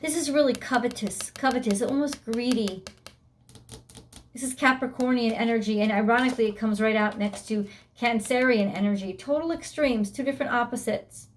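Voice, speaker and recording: Tarot reader, woman, slightly high voice, blunt and emphatic, swears casually. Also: moderate pace, slight background noise. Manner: blunt and emphatic, swears freely, voices the listener's inner thoughts. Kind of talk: weekly tarot reading.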